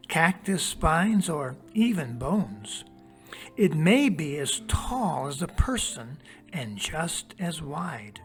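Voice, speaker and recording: Slow, deliberate teacher reading aloud. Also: medium pitch. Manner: slow, deliberate, spells out each step; talks straight to young listeners. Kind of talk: reading aloud then walking through a worksheet.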